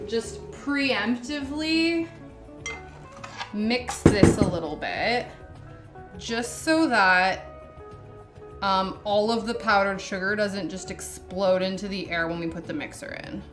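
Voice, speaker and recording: A woman's voice: medium pitch, slow, long pauses. Chatty woman in an echoey kitchen. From Canada. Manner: chatty, giggly, rambling asides. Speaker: baking vlogger. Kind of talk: casual chat while baking. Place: home kitchen. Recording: echoey room with background music. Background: background music.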